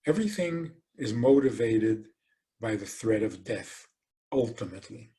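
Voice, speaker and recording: Animated man giving a religious lecture. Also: lowish voice, measured pace. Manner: animated storytelling, acts out quoted voices; rhetorical questions. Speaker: rabbi.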